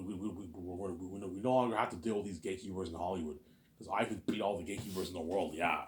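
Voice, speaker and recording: Stammering, profane low-voiced man. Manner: profane, stammers and repeats words. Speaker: vlogger. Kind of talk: rambling monologue. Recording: echoey room.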